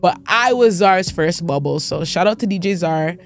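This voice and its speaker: Animated young woman telling a story. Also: normal speed, soft background music. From Canada. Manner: animated storyteller who acts out quotes with big pitch jumps. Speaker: host. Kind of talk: casual storytelling recap.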